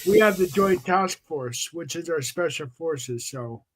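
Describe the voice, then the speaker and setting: High-voiced swearing man. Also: lively intonation, measured pace, background noise. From Canada. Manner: swears a lot, jokey and teasing. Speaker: guest, paranormal researcher. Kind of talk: casual live stream banter.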